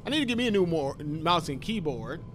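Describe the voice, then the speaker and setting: Lively man with a sore voice. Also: a little high, fairly quick, a little hiss or hum. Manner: joking, talks to himself, yelps at scares. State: sore voice from talking. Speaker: gaming YouTuber. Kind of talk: horror game commentary.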